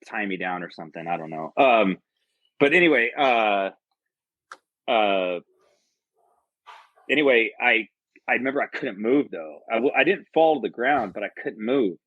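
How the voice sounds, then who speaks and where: An American army veteran, guesting on a podcast, tells a personal story in a rambling, profane, earnest way. His voice is lowish with no room sound, and the podcast audio is dull and lo-fi.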